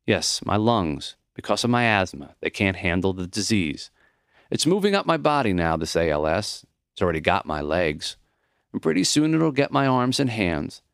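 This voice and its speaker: A man doing a soft-spoken dying old professor. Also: on the low side, normal speed, vocal fry, clean tone, no room sound, clean studio sound. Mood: matter-of-fact. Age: older. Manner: calm, accepting, wobbly when breath runs short. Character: gentle old male professor, dying, short of breath.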